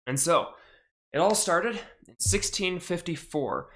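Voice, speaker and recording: A man's voice: fairly high pitch, expressive, unhurried, fairly bright tone. A young man hosting a live stream podcast, talking casually and correcting himself as he goes. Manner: rambling, self-correcting, chatty. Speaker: podcast host on a charity stream. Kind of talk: casual live-stream talk about astronomy.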